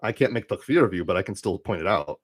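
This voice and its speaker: A man's voice: low-pitched, expressive, fast talker, breathy edge. A young man live streaming, ranting casually to his chat in a rambling, dismissive way with lots of "like". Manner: rambling, heavy use of "like", dismissive.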